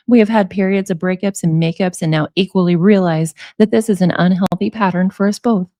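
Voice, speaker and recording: A woman's voice: on the high side, dark tone, dry recording, clean studio sound. A woman reads out emails and comments on them in a chatty, wry way. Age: 40s. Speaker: commentary YouTuber.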